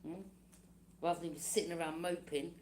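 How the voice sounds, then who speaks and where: A woman's voice: sits low, flat delivery, normal speed, a little mellow. A woman giving a casual tarot reading, chatty and laughing often, acting out other people's lines. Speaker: tarot reader.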